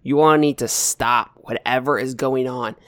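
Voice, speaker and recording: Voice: mid-range voice, fairly even intonation, no room sound, clean studio sound. A game master narrating a tabletop game, often restarting sentences as the thoughts come. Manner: halting, restarts, quick asides.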